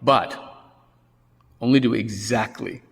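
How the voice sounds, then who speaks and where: A man voicing God, speaking slow, deliberate commands in a lowered voice. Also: creaky. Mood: stern. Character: stern divine male voice giving orders. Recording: long hall reverb.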